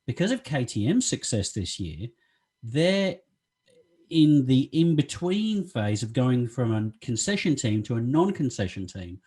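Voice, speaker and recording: A man's voice: mid-range voice, big pitch swings, measured pace, dark tone, slightly rough. A man co-hosting a podcast in casual chat, talking freely and laughing often. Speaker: podcast co-host.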